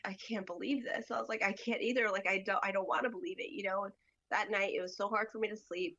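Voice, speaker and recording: A woman guest on a podcast, telling a personal story in a halting way, full of "like" and "you know". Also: medium pitch, fairly bright tone, muffled recording.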